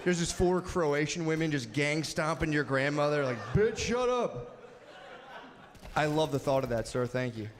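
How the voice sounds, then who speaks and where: A man's voice: fairly high pitch, steady tone, fairly quick, few pauses, noisy background. A man doing crude stand-up crowd work on a club stage, brash and profane, laughing at his own jokes.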